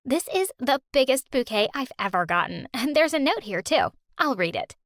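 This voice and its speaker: A woman narrating an animated story in an expressive, youthful way. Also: high voice, normal speed, dry recording.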